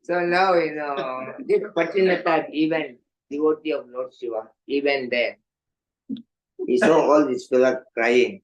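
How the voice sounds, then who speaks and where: An older man telling stories in an evening class, animated, laughing often and acting out voices, with many "you know" fillers. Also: mid-range voice, a little slow, poor audio. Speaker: monk giving an evening class. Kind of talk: storytelling sermon.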